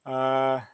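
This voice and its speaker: A middle-aged man with a New Zealand accent hosting a casual live stream, greeting viewers by name in a chatty way. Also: mid-range voice. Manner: chatty, reads out viewer names and greets them warmly. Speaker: livestream host.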